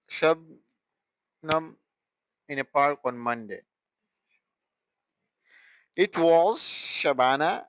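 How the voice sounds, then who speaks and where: Slow, halting man teaching grammar. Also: on the high side, clean tone, no echo, rough recording. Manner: halting, with restarts and broken phrasing. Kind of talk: classroom grammar explanation.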